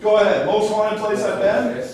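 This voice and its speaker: A man's voice: sits high, fairly even intonation, moderate pace, a little mellow. Joking man in a big echoey hall. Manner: joking, self-mocking, chatty asides. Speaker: ghost hunt host. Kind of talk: casual briefing to a live group. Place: large echoey stone building indoors. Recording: echoey hall, voice from far off, faint noise.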